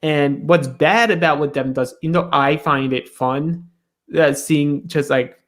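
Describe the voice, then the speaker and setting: A man's voice: fairly high pitch, measured pace. A man co-hosting a reality show recap in a casual chat, retelling scenes and briefly acting out the cast's lines.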